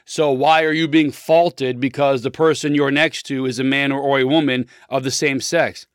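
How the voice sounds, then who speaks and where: A man's voice: medium pitch, steady tone, normal speed, clear, resonant tone, dry recording, studio quality. A man in his thirties talking politics in a blunt, opinionated, rambling monologue, full of restarts.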